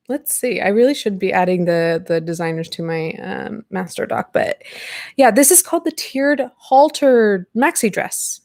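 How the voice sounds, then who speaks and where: A woman's voice: medium pitch, darkish tone, dry recording, clean studio sound. Chatty woman hosting a live podcast. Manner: chatty and self-deprecating, lots of fillers. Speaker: podcast host. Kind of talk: casual live-stream chat. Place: home room at a computer.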